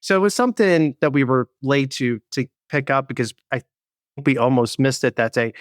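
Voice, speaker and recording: A man's voice: medium pitch, expressive, normal speed, no echo, studio quality. A man telling a story in casual podcast chat, rambling and laughing between phrases. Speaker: podcast guest.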